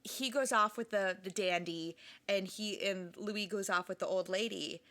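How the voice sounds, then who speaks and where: A woman's voice: medium pitch, moderate pace, sharp tone. A woman co-hosting a podcast, chatting casually about a book and its film, laughing often and trailing off mid-sentence. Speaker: podcast co-host.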